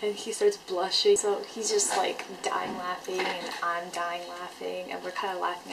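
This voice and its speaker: A woman telling a fan story in a casual vlog, excitable and chatty with lots of filler words. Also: fairly low pitch, moderate pace, vocal fry, few pauses, very noisy. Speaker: fan recounting an event.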